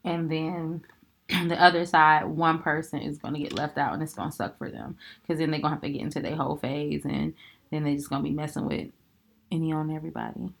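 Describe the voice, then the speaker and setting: A woman co-hosting a podcast in casual chat, animated and swearing freely, acting out both sides of conversations. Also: deep voice, a little fast, gravelly, husky. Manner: animated, mimics voices in quoted exchanges; frequent swearing, laughing. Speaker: podcast co-host.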